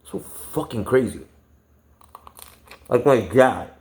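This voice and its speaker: A man's voice: medium pitch, expressive, takes it slowly, a little mellow. A man vlogging an angry personal rant, profane and agitated, rambling with many fillers and restarts. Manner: profane, agitated, heavy swearing.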